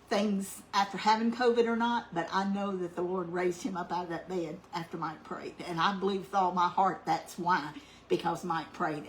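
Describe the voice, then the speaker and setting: Woman, middle-aged, cooking-channel host, soft and rambling, faint hiss behind. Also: mid-range voice, poor audio. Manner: soft-spoken, meandering with many ums, gets louder when excited. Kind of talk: heartfelt personal storytelling.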